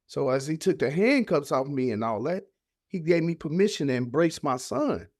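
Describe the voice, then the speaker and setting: A man's voice: on the high side, animated, normal speed, darkish tone, no room sound, studio quality. A man, a podcast guest, telling an emotional personal story in casual, heartfelt speech. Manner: casual, heartfelt, acts out voices of family in his story.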